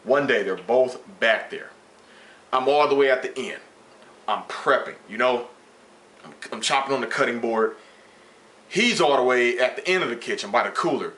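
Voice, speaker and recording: A man's voice: medium pitch, normal speed, long pauses. A man vlogging, casually retelling a workplace story with slang and swearing and acting out the dialogue. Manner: animated, slangy, profane retelling with quoted dialogue.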